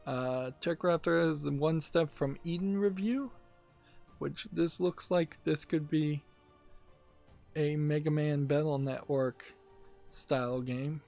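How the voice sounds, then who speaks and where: A man hosting a gaming channel, talking casually about game news in a rambling, halting way with many fillers. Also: fairly high pitch, gravelly, warm tone, faint music behind.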